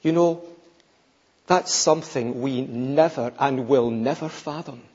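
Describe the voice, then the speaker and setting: A man preaching a sermon emphatically, building to fervent peaks and dropping low. The sound is dull and lo-fi in a large church with long reverb. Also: a little slow, a little mellow, slightly rough.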